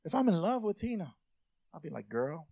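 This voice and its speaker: A man preaching a sermon, lively and conversational, dropping soft then rising loud, acting out voices in his stories. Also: high voice, fairly quick, creaky, breathy edge. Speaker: pastor.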